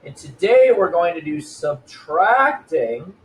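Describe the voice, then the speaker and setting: A man with a slightly raised pitch teaches a recorded math lesson. He sounds casual and upbeat and talks to his students as if they were in the room. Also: sing-song, takes it slowly.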